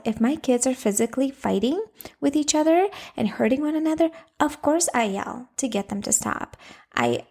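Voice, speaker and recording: A woman's voice: a little high, darkish tone. A woman hosting a solo podcast, coaching moms in a casual, direct way and often checking in with "okay?".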